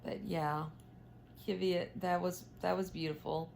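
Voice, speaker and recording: Slow-talking chatty woman knitting. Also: lowish voice, steady tone, gravelly, a little mellow, slight background noise. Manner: chatty, many fillers, asks viewers questions. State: yawning, tired. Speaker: knitting vlogger. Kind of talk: casual chat while knitting.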